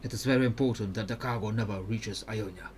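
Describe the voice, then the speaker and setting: A man voicing a calm, secretive male freedom fighter with a put-on foreign accent, held in one low, steady tone, as he reads game dialogue aloud. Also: quick pace, a little hiss or hum, natural voice. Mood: earnest.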